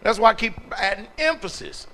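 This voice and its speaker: A man's voice: high-pitched, animated, brisk, pushed and bright. A man preaching a sermon as pastor, calling out questions to the congregation and repeating words for emphasis.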